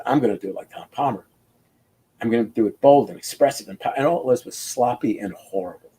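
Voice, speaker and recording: Older guy on a video call telling inking stories, rambling and animated, keeps restarting sentences. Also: mid-range voice. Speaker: comic book inker, guest. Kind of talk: casual video interview.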